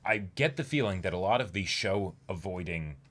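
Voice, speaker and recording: A man's voice: deep voice, expressive, moderate pace, fairly bright tone. A man co-hosting a casual podcast chat, talking thoughtfully and analyzing the show. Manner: thoughtful, analytical, drops in acted quotes. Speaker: podcast co-host. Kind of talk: casual chat reacting to anime.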